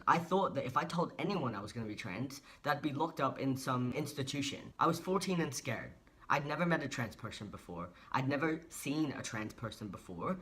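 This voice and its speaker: A man's voice: mid-range voice, sharp tone. A young man, speaking earnestly and emotionally in a personal vlog monologue. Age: 20s. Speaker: vlogger.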